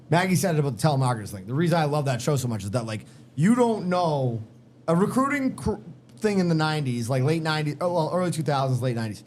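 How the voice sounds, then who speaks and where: A man's voice: on the high side, a little mellow, slight background noise. A middle-aged man with a slight Boston accent, telling work stories as a podcast guest in a blunt, profane, emphatic way. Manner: profane, emphatic, street-smart. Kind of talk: casual storytelling chat. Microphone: podcast microphone in a garage.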